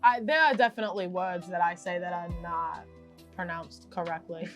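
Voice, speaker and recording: A woman's voice: on the low side, normal speed, a bit bright, soft background music. Chatty young woman with a Rhode Island accent. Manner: chatty, laughs easily, says "yeah" a lot. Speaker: podcast co-host. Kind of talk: casual chat.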